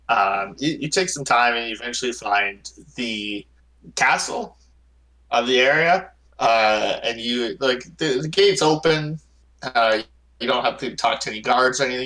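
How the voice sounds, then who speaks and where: A man narrating a tabletop game as game master, halting with many fillers. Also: mid-range voice, sharp tone, low-quality recording.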